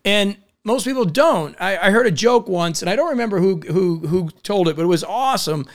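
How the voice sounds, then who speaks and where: A middle-aged man giving an energetic, enthusiastic motivational talk, telling stories and acting out the people in them. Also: high voice, brisk. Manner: energetic, enthusiastic, storytelling with acted quotes. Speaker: motivational speaker.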